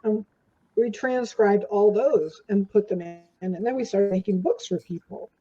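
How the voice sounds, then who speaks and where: A woman's voice: medium pitch, moderate pace, warm tone, husky. An older woman, a guest in an interview, telling rambling stories with lots of fillers. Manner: rambling anecdotes with many fillers. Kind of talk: casual storytelling interview. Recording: dull lo-fi audio.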